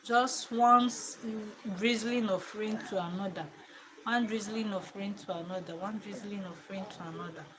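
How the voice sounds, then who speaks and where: A woman, a mother chatting casually to camera from her living room, reflective and quick to laugh. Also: medium pitch, fairly even intonation, background noise. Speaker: mother and home vlogger.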